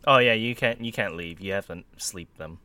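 A man chatting casually about a video game, excitable and laughing often, tripping over his words. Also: fairly low pitch, moderate pace, a little hiss or hum. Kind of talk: casual gaming chat.

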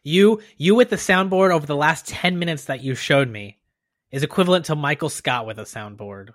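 A man's voice: on the high side, expressive, slight background noise. Joking male podcast host. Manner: joking, quick banter with a friend. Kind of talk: casual chat.

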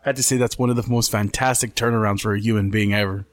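A man co-hosting a podcast, chatting casually and telling stories in an animated, profane way. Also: lowish voice, fast, no echo. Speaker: podcast co-host. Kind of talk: casual chat.

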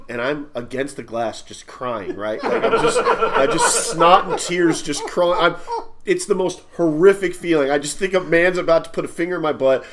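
A man's voice: a little high, animated, normal speed, fairly bright tone. Man, podcast co-host, casual chat, rambling, swearing.

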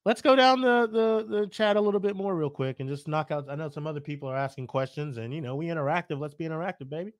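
Laid-back man with a higher voice talking sports. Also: quick pace, few pauses, no room sound, clean studio sound. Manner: laid-back and opinionated, laughs easily, uses slang. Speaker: sports podcast co-host. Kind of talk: casual sports podcast chat.

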